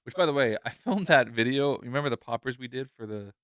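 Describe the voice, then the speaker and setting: Smooth-voiced man in casual podcast chat. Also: mid-range voice, expressive, a bit bright, no echo, studio quality. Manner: rambling, jokey, quick to laugh. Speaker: podcast host.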